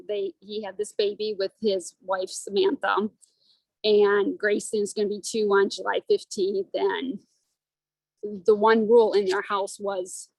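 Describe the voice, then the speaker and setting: A woman's voice: medium pitch, vocal fry, no room sound, poor audio. A woman telling a personal story on a video call in a rambling, earnest way, close to tears. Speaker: study group member.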